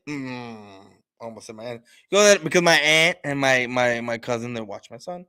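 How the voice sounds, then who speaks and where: A man's voice: medium pitch, expressive, normal speed, bright, forceful tone, smooth, dry recording. A man on a casual livestream, telling a family story bluntly and frankly, acting out the dialogue. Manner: self-described attitude, frank and profane. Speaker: show host.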